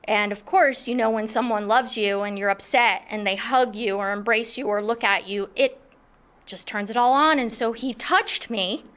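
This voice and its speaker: Middle-aged woman, slightly high voice, animated self-mocking storyteller. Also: moderate pace, smooth. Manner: animated, self-mocking, acts out others' thoughts. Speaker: coach telling a personal story. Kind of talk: personal storytelling.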